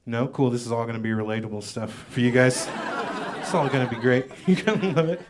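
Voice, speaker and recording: A man doing a stand-up comedy set on stage in a comedy club, with wry, deadpan asides that trail off. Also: medium pitch, a little fast, crowd noise, background noise.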